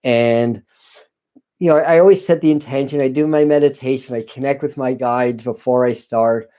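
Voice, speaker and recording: A man with a smooth, resonant voice at an ordinary pitch, chatting through a home live stream. He talks casually in halting phrases, stops to apologize, and often restarts his sentences as he explains the session. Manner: halting, many restarts and apologies, soft laughs. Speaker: spiritual channeler hosting a live stream. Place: dim home room. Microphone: computer camera live stream.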